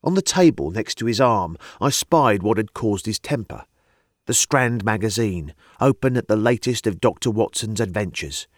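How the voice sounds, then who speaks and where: Low-voiced male audiobook narrator. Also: dry recording, studio quality. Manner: measured storytelling, lively intonation.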